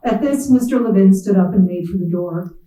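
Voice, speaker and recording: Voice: mid-range voice, fairly quick, warm tone, distant mic. Writer reading aloud in a roomy hall. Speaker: visiting writer. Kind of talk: literary reading in second person.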